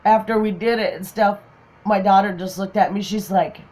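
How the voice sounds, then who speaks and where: A woman's voice: mid-range voice, normal speed. A middle-aged woman, a grandmother telling funny family stories in casual chat, laughing often and acting out what people said. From Minnesota, USA. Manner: laughs often, acts out quotes. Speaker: crafting channel host.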